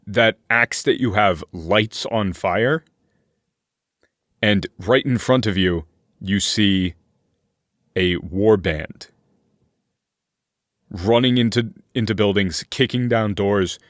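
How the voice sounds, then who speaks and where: A man running a tabletop game as game master, narrating slowly with fillers and restarts. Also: on the low side, fairly bright tone, dry recording, clean studio sound. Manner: slow, hesitant narration with many fillers.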